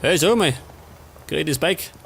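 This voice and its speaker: A man's voice: fairly high pitch, expressive, normal speed, vocal fry, fairly bright tone. A man with a Bavarian accent giving casual let's play commentary, muttering to himself as he plays. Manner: muttering to himself while playing. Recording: commentary over noisy game audio.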